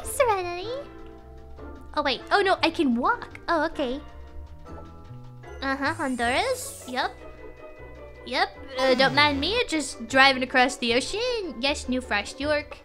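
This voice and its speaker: A woman's voice: high voice, pushed and bright. A woman streamer chatting casually over gameplay, bubbly and swearing when startled.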